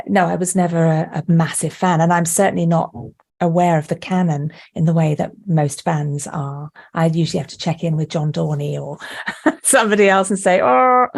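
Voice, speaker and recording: A woman who is an actor and director, chatting as a podcast guest over a remote call, lively and quick to laugh. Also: lowish voice, creaky. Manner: lively, laughs often, animated storytelling. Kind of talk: podcast interview chat. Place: remote call, not with the hosts.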